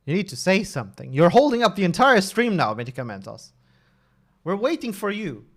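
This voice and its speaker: A man's voice: high-pitched, big pitch swings, a little fast. A man in his thirties chatting casually on a live stream, talkative and often restarting and correcting himself. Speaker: streamer and level designer.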